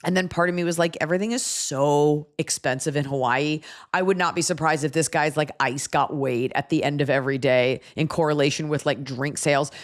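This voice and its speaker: A woman hosting a podcast, telling a story in a casual, animated way with profane asides. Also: deep voice, brisk, hardly any pauses. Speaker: podcast host.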